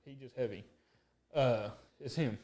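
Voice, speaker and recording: A man's voice: medium pitch, a little slow, crowd noise. A man co-hosting a podcast, telling a story in casual, profane chat and acting out the quoted lines. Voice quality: profane, animated storyteller who acts out quotes. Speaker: podcast co-host.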